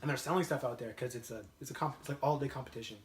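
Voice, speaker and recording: A man's voice: mid-range voice, very fast. A young man telling a laid-back, slangy story in casual chat, often breaking into laughter. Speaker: guest storyteller. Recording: roomy echo.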